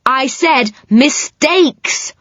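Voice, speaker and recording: A woman's voice: medium pitch, very animated, unhurried, dry recording, voice pushed up. A woman reading a children's audiobook, voicing a friendly, sensible boy who explains things patiently. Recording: slightly muffled, dry sound.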